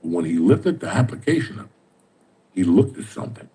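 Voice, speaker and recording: A man's voice: deep voice, big pitch swings, brisk, warm tone, breathy edge. A middle-aged man, telling profane, streetwise stories in casual chat. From New Jersey. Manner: streetwise, swears constantly, tells stories with mimicked dialogue.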